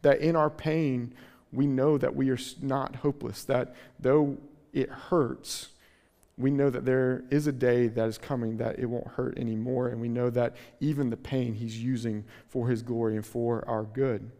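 A man's voice: mid-range voice, little pitch movement, gravelly, dark tone. Earnest male pastor preaching in a reverberant hall. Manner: earnest preaching, reads scripture slowly then retells it conversationally. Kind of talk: sermon.

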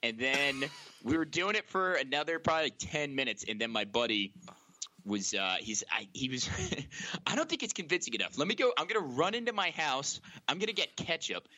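A young man telling a funny story on a podcast, acting out the quoted lines with loud, animated voices. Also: a little high, normal speed. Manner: animated, acts out quotes loudly. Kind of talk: comedic storytelling.

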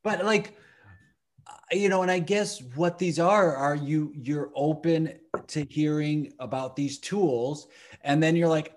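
A man's voice: on the high side, measured pace. A man in his thirties, a father, talking in a reflective, earnest way in a casual chat and laughing easily.

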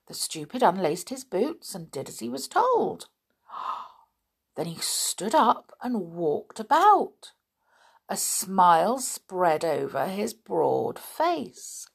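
A woman narrating a children's storybook in a gentle, even storytelling manner. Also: lowish voice, takes it slowly, gravelly, husky.

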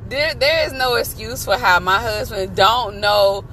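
A woman's voice: on the high side, measured pace, pushed and bright. Teasing woman podcasting from a car. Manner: teasing, laughing, talking straight to listeners as y'all. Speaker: podcast host. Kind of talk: casual podcast chat. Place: inside a moving car. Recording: noisy car interior.

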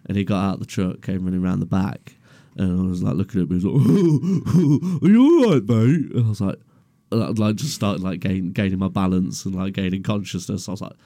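A young man with a deep, gravelly voice tells a story casually. His tone is dark and mellow, and the sound is dry and close. He swears freely and laughs through his own story. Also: level tone, fast, no room sound. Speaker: podcast co-host. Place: garage.

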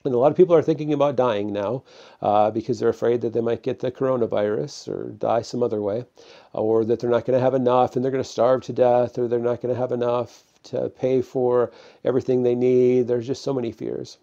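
A man preaches to a camera in a loose, conversational sermon, pausing on fillers as he goes. His voice is gravelly and mellow. The recording sounds dull and lo-fi. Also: mid-range voice, flat delivery. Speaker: pastor.

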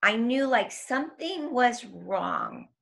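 A woman's voice: fairly high pitch, wildly swooping pitch, slow pace, gravelly, a bit bright. A young woman telling an intense personal story in an interview, emotional and tumbling, full of "like" and acted-out quotes. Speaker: guest.

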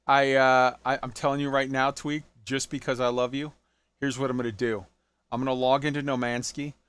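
A man hosting a podcast in casual chat, joking and telling animated little stories. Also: medium pitch, fairly quick, clear, resonant tone, dry recording. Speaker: podcast host.

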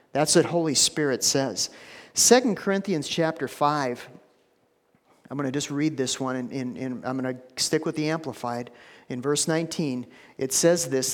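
A man preaching a sermon to a congregation, swinging between hushed, slow lines and loud, emphatic ones. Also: on the high side. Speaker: pastor. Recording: long hall reverb.

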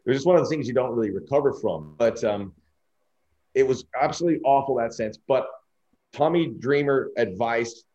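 A man's voice: mid-range voice, fairly quick, warm tone. A middle-aged man, a sports broadcaster, giving a candid interview and telling anecdotes while acting out quoted dialogue. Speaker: sports broadcaster, podcast guest. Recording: dull lo-fi audio.

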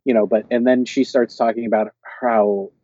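Male podcast co-host, rambling recap with quoted lines, dark tone, lo-fi dull mic. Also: medium pitch, steady tone, normal speed, breathy edge, dry recording. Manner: rambling, quotes characters in raised voices. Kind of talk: casual chat recapping a TV episode.

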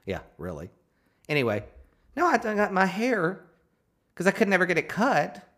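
A man's voice: sits high, huge pitch swings, moderate pace, fairly bright tone. A man co-hosting a podcast, chatting casually in a playful, rambling, self-mocking way. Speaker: podcast co-host. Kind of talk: casual banter. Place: Nashville.

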